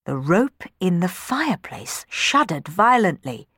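A woman narrating a children's story from a book in an expressive, dramatic reading. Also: fairly low pitch, measured pace, slightly rough, no room sound, studio quality.

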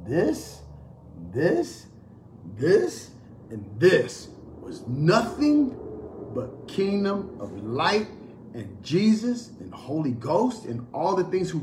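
A man's voice: a little high, reverberant, slight background noise. A man preaching a sermon, emphatic and repetitive, firing off rhetorical questions. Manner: emphatic, repeats phrases and asks rhetorical questions.

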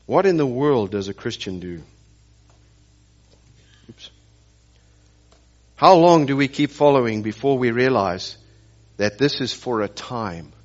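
A male pastor preaching at a moderate middle pitch, telling stories and firing rhetorical questions at his listeners. He repeats key phrases for emphasis. The recording sounds slightly dull and muffled. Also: animated, a little slow, long pauses. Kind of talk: sermon.

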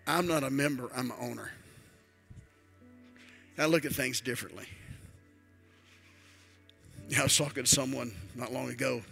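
An older man preaching a sermon as a bishop, swinging between quiet asides and loud emphatic build-ups. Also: medium pitch, fairly quick, vocal fry, soft background music.

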